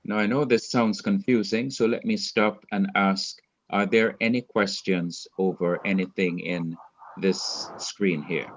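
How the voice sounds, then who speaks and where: A man gives a classroom lecture in a low voice, moving at a very unhurried pace. He patiently repeats and rephrases each point. The sound is dull and lo-fi, like online class audio over a video call. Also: fairly even intonation. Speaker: Hebrew teacher.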